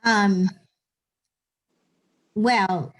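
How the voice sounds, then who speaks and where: A woman's voice: mid-range voice, steady tone, extremely slow. A woman teaching a beginners' Hebrew class over a video call, explaining patiently.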